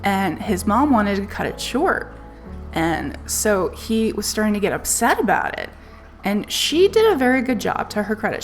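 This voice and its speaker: A woman streaming live, telling a personal story in a candid, casual way and swearing freely. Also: mid-range voice. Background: faint music playlist.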